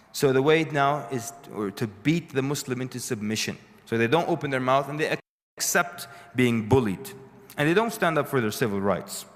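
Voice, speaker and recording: A man's voice: medium pitch, a bit bright. A man giving a lecture to a live audience, telling stories conversationally with dry humorous asides. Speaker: speaker addressing an audience. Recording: long reverb of a lecture hall.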